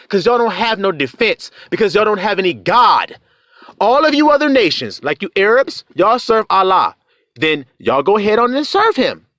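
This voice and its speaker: Man, preacher, confrontational rant, profane, taunting, very high voice, dry close sound. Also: pushed and bright, dry recording. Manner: profane, taunting, fires rhetorical questions. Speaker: online preacher.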